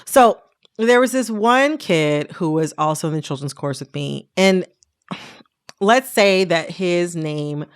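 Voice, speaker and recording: Woman podcast host, lowish gravelly voice, animated storyteller who laughs often. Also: measured pace. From Detroit area. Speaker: podcast co-host telling stories. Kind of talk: casual storytelling chat.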